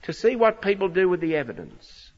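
A man's voice: high voice, big pitch swings, a little fast. A man with an Australian accent preaching a sermon, retelling a story with dramatic, voiced quotes. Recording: lo-fi reverberant hall recording.

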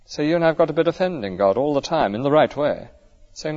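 A man's voice: fairly high pitch, animated, quick pace, darkish tone, muffled recording. A male clergyman giving an earnest, conversational sermon full of rhetorical questions.

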